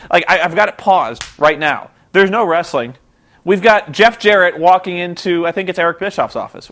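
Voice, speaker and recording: Sarcastic, exasperated male vlogger, high lively voice, rambling. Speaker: vlogger reviewing a wrestling show. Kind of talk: rambling commentary vlog.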